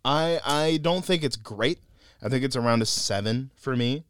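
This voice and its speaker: A man co-hosting a casual podcast film review, animated and laughing often as he acts out lines he quotes. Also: medium pitch, moderate pace, clear, resonant tone, dry recording, clean studio sound.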